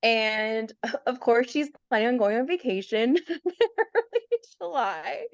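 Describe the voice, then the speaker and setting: A woman shares her story as a podcast guest, animated and quick to laugh, slipping into little voices for the people she quotes. Her voice sits a little high. The sound is dry and a bit muffled, like a modest remote mic. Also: no room sound. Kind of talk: casual birth story chat.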